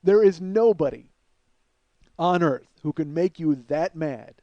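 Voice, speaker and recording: A man hosting a comedy podcast, riffing through a profane, animated monologue. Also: fairly high pitch, a little slow, no echo, highs cut off.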